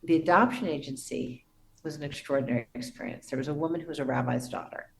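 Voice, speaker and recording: A middle-aged woman, a podcast guest, telling a personal story in an earnest, reverent way with soft restarts. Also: deep voice, fast talker, creaky, low-quality recording.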